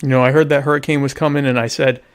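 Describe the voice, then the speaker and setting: A man's voice: mid-range voice, level tone, rapid-fire. A young man hosting a casual live-streamed talk show, reading viewer questions aloud and answering with sardonic, mock-pompous humor. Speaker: podcast host.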